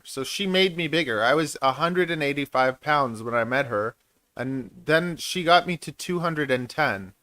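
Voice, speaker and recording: A man's voice: medium pitch, lively intonation, normal speed, bright, forceful tone, dry recording. Man, thirties, stream host, rambling and jokey, mid-range voice, dry close sound. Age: 30s. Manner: rambling and jokey, laughs often. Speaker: channel host. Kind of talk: casual live-stream chat.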